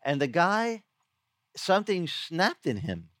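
A man's voice: high-pitched, sing-song, slow, fairly bright tone, no room sound, studio quality. A middle-aged man preaching a sermon in a conversational, storytelling way, acting out quoted lines. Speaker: pastor. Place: outdoor beach gathering.

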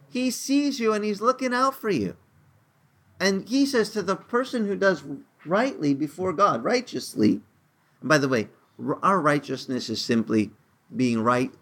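A man teaching the Bible informally around a table, animated and conversational, with restarts and asides. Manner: animated, lively pitch swings, acts out voices in quotes. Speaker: preacher teaching a home Bible study.

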